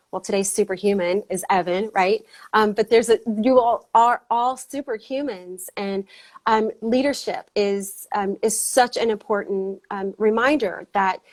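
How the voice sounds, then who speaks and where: A woman hosting a casual motivational livestream on a video call, out of breath, excited and rambling with many fillers. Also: medium pitch. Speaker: host.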